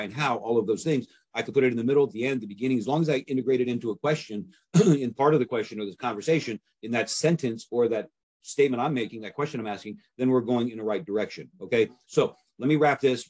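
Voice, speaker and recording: A man's voice: medium pitch, darkish tone, slightly rough. A man teaching how to handle real estate sales calls in a casual, conversational way, often acting out both sides of a call. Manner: conversational, acts out sales calls with repeated fillers. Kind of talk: instructional talk.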